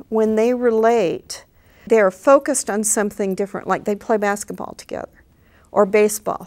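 A woman's voice: mid-range voice, darkish tone, clean tone. A woman guest on a podcast, reflecting in a thoughtful way and explaining her ideas. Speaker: interview guest. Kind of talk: recorded interview reflection.

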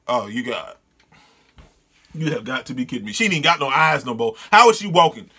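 A man reading a comic aloud and reacting with excited, disgusted exclamations and yelling. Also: medium pitch, normal speed, husky. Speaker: manga reader and reviewer.

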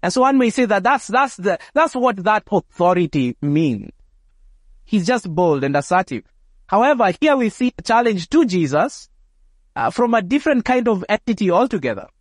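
A man preaching from the pulpit in a high, clear voice, close and dry on the mic. He speaks emphatically, stacking phrases and repeating words as he drives each point home. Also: big pitch swings, moderate pace, dry recording. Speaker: pastor. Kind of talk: sermon. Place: church.

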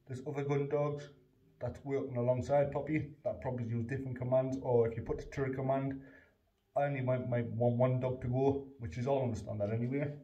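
A man's voice: medium pitch, dark tone, dull audio. A man, explaining in a plain, rambling way how he trains his spaniel, with lots of fillers and short firm commands to the dog. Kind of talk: casual training demonstration. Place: indoors in a house hallway. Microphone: phone on the stairs, away from him. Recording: roomy, distant phone recording with faint noise.

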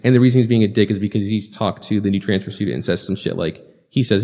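A man's voice: on the low side, fast, vocal fry, few pauses, dark tone, in a large hall. A man co-hosting a podcast, casually and loosely recapping an anime, swearing freely and acting out lines of dialogue. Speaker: podcast co-host.

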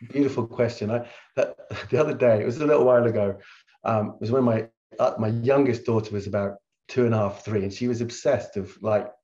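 Middle-aged male therapist guest, candid storyteller, animated delivery, slightly lo-fi call sound. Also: mid-range voice. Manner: animated, swings loud when reliving stories. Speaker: guest speaker, hypnotherapist.

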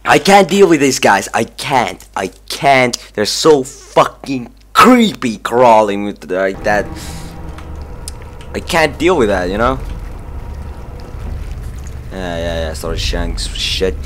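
A young man playing a horror game, swearing constantly, panicking and yelling at enemies, then muttering nervously. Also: medium pitch, big pitch swings, takes it slowly, slight background noise. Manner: profane, jumpy, yelling in panic. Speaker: let's play gamer.

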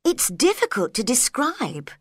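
A woman's voice: a little high, wildly swooping pitch, a little slow, breathy edge, dry recording, studio quality, voice pushed up, heavily acted. A woman voicing a polite, puzzled little girl in a storybook reading, earnest and courteous.

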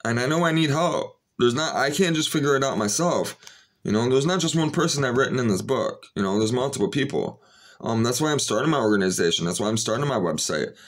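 A man's voice: medium pitch, lively intonation, fairly quick. A man talking casually straight to his viewers in a rambling, earnest way, with frequent fillers and restarts. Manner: rambling, full of "you know" fillers and restarts. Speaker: vlogger. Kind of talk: casual spoken monologue to viewers.

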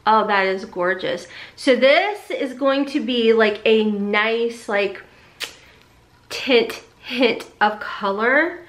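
Gushing woman, bright, echoey room. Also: a little high, slow pace. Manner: gushing, excitable, says y'all a lot. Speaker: beauty vlogger. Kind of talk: casual unboxing chat.

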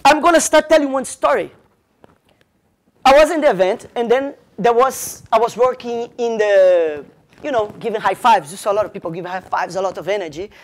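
A man from Brazil speaks English with a Brazilian Portuguese accent as a motivational speaker. He tells a story to a live audience in an animated way, chaining events with "and then" and acting out the dialogue. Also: high voice, moderate pace.

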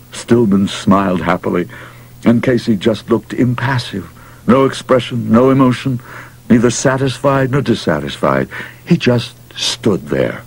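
A man narrating a story aloud in an expressive, dramatic reading. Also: lowish voice, moderate pace, breathy edge, poor audio. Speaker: audiobook narrator.

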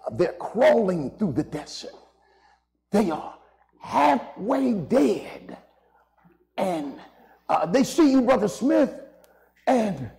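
High, gravelly impassioned preacher man. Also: poor audio. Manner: impassioned, drawn-out emphasis, calls for amens. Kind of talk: sermon. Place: church sanctuary.

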